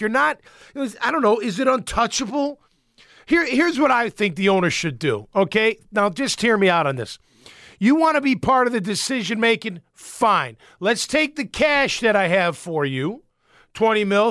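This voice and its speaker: A man's voice: extremely high pitch, fairly bright tone, no echo, clean studio sound. A man giving a blunt, heated, opinionated sports rant, repeating himself as he vents. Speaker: sports commentator.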